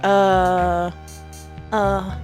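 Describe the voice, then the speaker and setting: Woman streamer reading a game out loud, jokey asides, mid pitch, faint music behind. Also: drawn-out words. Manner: expressive, joking asides between read lines. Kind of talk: reading a game aloud with casual commentary.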